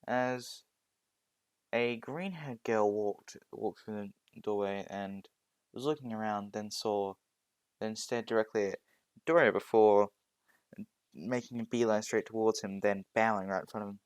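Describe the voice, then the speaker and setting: A man's voice: on the low side, moderate pace, clear, resonant tone, dry recording. A man improvising a fan story, hesitating often with restarts and filler sounds. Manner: hesitant, many ums and restarts.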